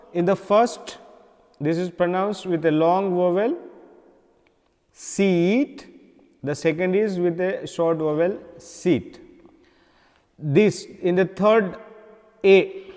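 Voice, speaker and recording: A man with an Indian English accent teaching English vowel sounds, slowly repeating each sound and example word. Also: on the high side, darkish tone, in a large hall. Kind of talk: recorded phonetics lesson.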